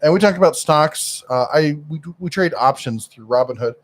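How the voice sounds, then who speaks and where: A man's voice: fairly high pitch, expressive, moderate pace. A middle-aged man chats casually as co-host of a live stream. He rambles and stops often to search for the right word, with lots of fillers.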